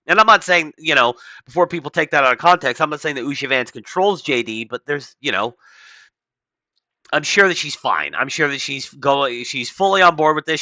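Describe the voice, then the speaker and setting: A man's voice: fairly high pitch, sharp tone, no echo, low-quality recording. Blunt, sarcastic male political commentator. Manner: blunt, sarcastic, profane asides. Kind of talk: casual reading and commenting on an article.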